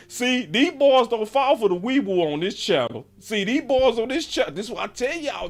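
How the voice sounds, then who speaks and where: A man hosting a sports channel, talking excitedly, repeating himself and throwing in mocking exclamations. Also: sits high, normal speed, few pauses. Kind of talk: animated live-stream commentary.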